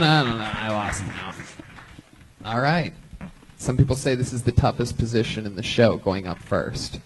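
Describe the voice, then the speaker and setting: A man hosting a live comedy show, energetic and hyping up the crowd. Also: lowish voice, moderate pace, music in the background, poor audio. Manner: energetic, hype announcer. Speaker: host.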